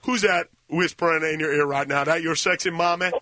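Man playing a crude Santa Claus, radio comedy character, broken grammar, third-person talk, bright forceful tone, slightly high. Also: steady tone, fairly quick, no room sound. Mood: crude, rambling. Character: crude rambling male Santa Claus, oblivious. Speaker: comedy call-in guest.

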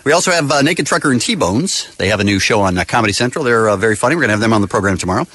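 A man's voice: lowish voice, animated, racing, fairly bright tone, no room sound. A man co-hosting a morning radio show, chatting casually and arguing playfully. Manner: laid-back, playfully argumentative. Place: radio studio.

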